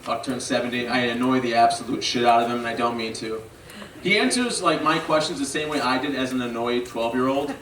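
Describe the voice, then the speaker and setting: A man doing a stand-up set, talking in a halting, rambling way full of fillers. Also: mid-range voice. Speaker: stand-up comedian. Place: comedy venue stage with a live audience. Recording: roomy, distant mic, loud crowd and noise.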